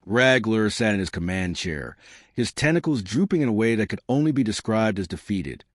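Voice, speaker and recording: A man's voice: fairly low pitch, lively intonation, moderate pace, dry recording, studio quality. A man telling a comic sci-fi story in wry, scripted narration.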